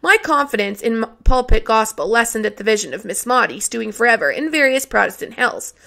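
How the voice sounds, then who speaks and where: A woman reading a novel aloud in a steady, plain storytelling way. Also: on the high side, brisk, creaky. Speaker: reader. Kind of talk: audiobook narration.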